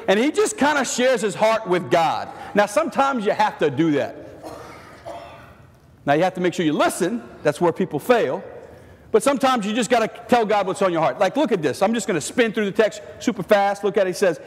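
A male priest preaching a sermon in an animated, joking way, acting out the voices he quotes. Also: sits high, a little fast. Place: church. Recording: long church reverb.

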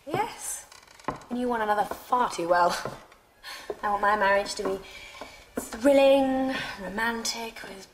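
A woman's voice: fairly high pitch, unhurried, slight background noise, close to an everyday voice. Poised posh young woman, played by an actress in a period film. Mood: cool, teasing. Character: poised young upper-class English woman.

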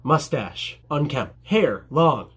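Jokey young barber with a husky voice. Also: male voice, medium pitch, big pitch swings, takes it slowly, fairly bright tone. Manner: jokey, self-deprecating, mimics customers. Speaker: barber answering viewer questions. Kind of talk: casual vlog Q&A.

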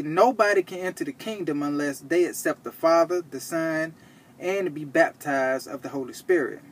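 A man with a somewhat high, husky voice teaches from scripture. He reads verses slowly and deliberately, and he checks in with his listeners after each point. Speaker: Bible teacher.

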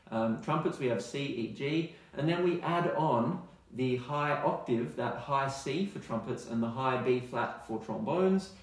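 Australian music teacher in an echoey room. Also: male voice, mid-range voice. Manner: relaxed and chatty, sings scale notes to demonstrate. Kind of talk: recorded online music lesson.

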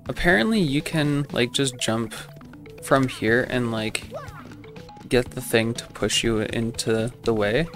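Man, mid-pitched let's-play host; rambling, self-deprecating, faint game music behind. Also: takes it slowly, a bit bright. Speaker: gaming channel host. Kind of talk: casual let's play commentary.

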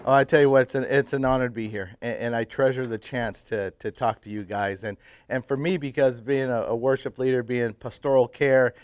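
A man in his fifties, a church pastor, casually telling his life story to a men's breakfast group, swinging from loud, laughing bursts to quiet, earnest stretches. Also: medium pitch, steady tone, fairly quick, hardly any pauses, smooth, no echo. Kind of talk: casual personal testimony talk. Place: live talk to a roomful of men at a breakfast.

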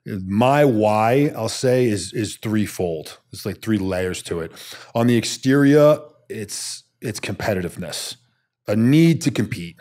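A man's voice: on the low side, lively intonation, a little slow, a little mellow. A man, a former soldier, telling his story bluntly and emphatically as a podcast guest, swearing casually.

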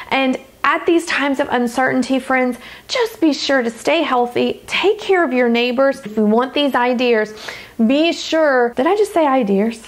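A woman with a Louisiana Southern accent, hosting a casual cooking tutorial in her home kitchen, chatty and upbeat, calling her viewers gang and y'all. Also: sits high. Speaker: dietitian and cooking host.

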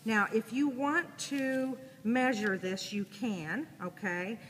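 Lady sewing teacher, chatty, thinks out loud, echoey classroom. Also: fairly high pitch, slow. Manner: casual, chatty, thinking aloud while working. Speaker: sewing instructor. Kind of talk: classroom demonstration. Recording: echoey room with audible noise.

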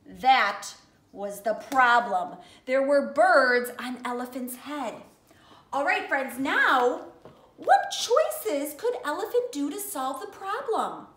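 A woman's voice: high-pitched, expressive, slow pace, a bit bright, echoey room. A woman teaching young children, speaking in an encouraging way and addressing them as friends. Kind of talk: children's lesson and story reading.

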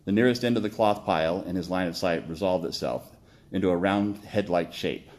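A man reading his own story aloud, steady with occasional slips and self-corrections. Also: low voice, a little fast.

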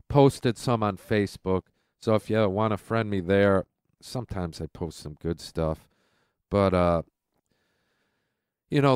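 A man hosting a radio show, ranting with heat and sarcasm about those he blames. His voice is stuffy and congested from a cold, yet stays smooth and resonant. The sound is dry and close, recorded at home. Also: medium pitch, a little mellow, dry recording. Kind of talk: political commentary rant.

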